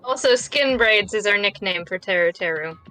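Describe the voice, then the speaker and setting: A chatty, joking woman co-host with a bright, sharp voice. Her tone rises and falls freely as she riffs with the group. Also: medium pitch, lively intonation, moderate pace, poor audio. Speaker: podcast co-host. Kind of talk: casual chat while voice-acting a game.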